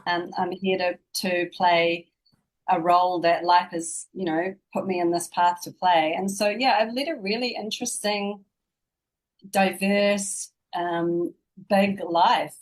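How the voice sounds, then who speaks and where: A woman's voice: on the low side, steady tone, slow pace, poor audio. A woman in her fifties with a New Zealand accent, a guest speaking in a reflective, flowing way about her life. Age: 50s. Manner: reflective, flowing, spiritual phrasing. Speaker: guest, spiritual teacher. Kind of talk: casual interview chat.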